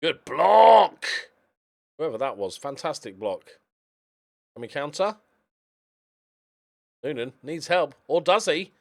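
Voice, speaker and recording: A man talking through a football management game in relaxed let's-play style, cheering plays and chatting to viewers between matches. His voice sits a little high for a man and swings widely in pitch. He talks close to a desk microphone. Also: measured pace, pauses often. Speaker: video game streamer.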